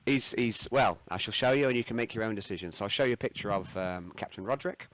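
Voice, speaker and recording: A man narrating as game master of a tabletop game, rambling with many pauses and restarts. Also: lowish voice, a bit bright, slight background noise.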